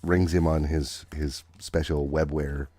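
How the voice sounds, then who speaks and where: Very deep, rambling male podcast host. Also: level tone, a little slow, dark tone, no echo. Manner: rambling, with many fillers and restarts. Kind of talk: casual chat recapping comics.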